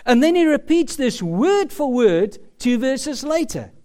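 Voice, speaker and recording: Slow, lively-pitched male preacher. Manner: slow, emphatic preaching with dramatic pauses. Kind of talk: sermon.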